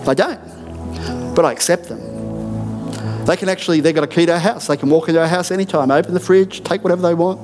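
A man's voice: high-pitched, fast talker, pauses often, music in the background. A middle-aged man, a senior pastor, preaching a sermon in an earnest, emphatic way with repeated declarations in a church. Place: church auditorium.

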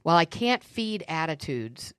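A middle-aged woman co-hosting a faith podcast, telling stories and teaching in an earnest, animated way. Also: deep voice, unhurried, smooth, no echo, studio quality. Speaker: podcast co-host. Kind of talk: faith-based conversational teaching.

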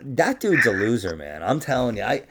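A podcast co-host with a mid-range, slightly bright voice swings widely in pitch at a moderate pace. His casual banter is full of jokes, swearing, and constant laughter.

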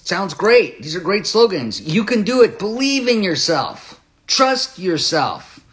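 A young-adult man pastor giving an online bible teaching in an earnest, confessional way, with many fillers and restarts. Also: medium pitch.

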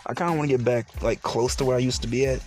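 A man's voice: mid-range voice, steady tone, fast talker, a little mellow. A man hosting a solo podcast, ranting bluntly with heavy swearing and frequent laughter. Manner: profane, blunt, laughing often; mocking quoted voices. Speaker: podcast host.

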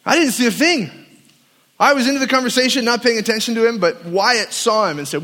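A man preaches at a camp, telling a story and acting out each voice in his tale. His voice sits high for a man. A long reverb trails behind him in the large hall. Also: brisk. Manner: animated storyteller acting out quotes. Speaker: campus pastor. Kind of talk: sermon with storytelling.

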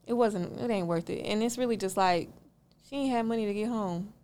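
A woman's voice: mid-range voice, a little fast, a little mellow. A young woman, a podcast guest, telling a story in a casual interview and acting out both sides of it. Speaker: podcast guest, car rental owner.

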